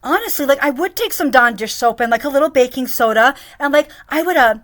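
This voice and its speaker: A woman putting on the voice of her fussy older female employer, high and gushing, halting over fillers. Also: animated, a bit bright.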